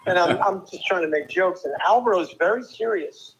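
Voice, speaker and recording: An older man from New Jersey, a former tennis player and guest, telling lively stories with quick asides and restarts. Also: high voice, highs cut off. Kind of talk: casual storytelling interview.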